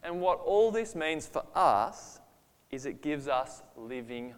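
A man's voice: fairly high pitch, very animated, takes it slowly, smooth. Earnest preacher man in a reverberant hall. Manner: earnest and emphatic, voice rising when describing Jesus' anger. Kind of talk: sermon on a Bible passage.

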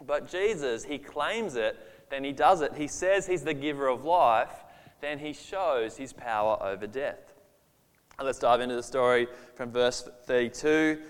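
A man's voice: medium pitch, smooth, long reverb tail. A man preaching a sermon on a Bible passage, earnest and emphatic, his voice rising on the dramatic moments. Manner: earnest and emphatic, voice rising when describing Jesus' anger.

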